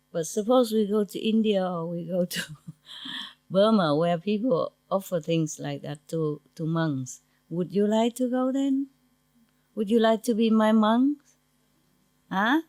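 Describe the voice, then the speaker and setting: A woman spiritual teacher talks informally with her disciples in simple, non-native English, frequently breaking into laughter. Her voice sits on the low side with a darkish tone, and there is no echo.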